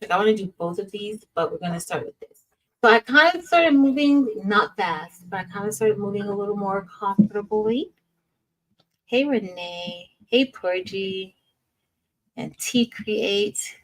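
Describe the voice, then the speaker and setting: A woman's voice: mid-range voice, unhurried, low-quality recording. A woman hosting a casual craft livestream, greeting viewers by name in an upbeat, chatty way.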